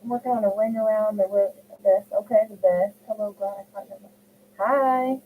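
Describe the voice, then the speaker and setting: A chatty middle-aged woman crochets at home and talks to her livestream viewers, picking up their comments and answering each one by name. Her voice sits at an ordinary middle pitch and comes through a narrow, phone-like line with a faint hiss underneath. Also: fairly even intonation, normal speed. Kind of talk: casual chat while crocheting, reading live comments.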